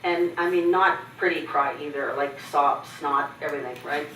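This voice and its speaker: Delivering a keynote in an echoey conference hall, this middle-aged woman from Canada tells frank, funny personal stories and voices other people's lines. She speaks low, expressively and briskly, barely pausing. The mic sits at a distance and the background is noisy.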